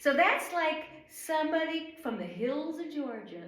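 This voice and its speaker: In a church room with an echoey sound, a middle-aged woman from the northern US teaches a casual Bible study. Her voice is high and very animated, fairly bright, at a measured pace. She rambles and chats, dropping in lots of fillers.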